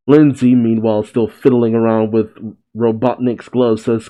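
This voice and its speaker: A man's voice: mid-range voice, flat delivery, moderate pace. Casual comic reader, man, chatty asides, slightly muffled recording. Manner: chatty asides between read lines. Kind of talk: casual comic read-aloud.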